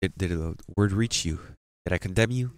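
A man's voice: low voice, normal speed. A man preaching a sermon as pastor, emphatic and questioning his congregation.

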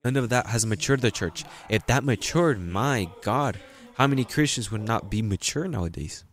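Emphatic low-voiced male pastor preaching. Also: animated, normal speed. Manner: emphatic, repetitive, swings into loud peaks. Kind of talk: sermon.

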